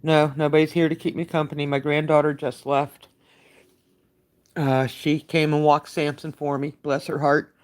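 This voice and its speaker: Older woman, live-stream update, halting and tired, even pitch, clear voice. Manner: halting, with many fillers, greeting viewers as she talks. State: emotionally worn out. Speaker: caregiver giving a live update.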